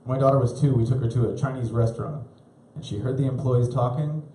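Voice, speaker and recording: A man's voice: medium pitch, fairly even intonation, fast, dark tone, a little hiss or hum. Rambling self-deprecating male comedian. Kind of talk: live stand-up comedy. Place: concert club stage. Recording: roomy live club recording.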